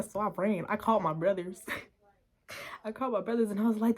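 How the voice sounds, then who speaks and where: Animated young woman telling a story. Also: mid-range voice, a little fast. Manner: animated, laughing often, acting out quotes. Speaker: vlogger. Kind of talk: casual storytime.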